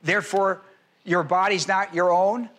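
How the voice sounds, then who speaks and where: A man preaching a sermon, citing scripture references and slowly repeating key phrases for emphasis. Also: high-pitched, fairly even intonation, fairly bright tone. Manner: spells out words and cites scripture references in a teaching tone. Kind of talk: sermon teaching.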